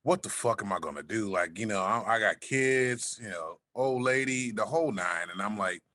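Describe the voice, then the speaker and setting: A man with a deep, smooth voice, chatting as a podcast guest and telling a laid-back story, swearing freely. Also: normal speed, pushed and bright, no echo, clean studio sound. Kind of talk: casual chat.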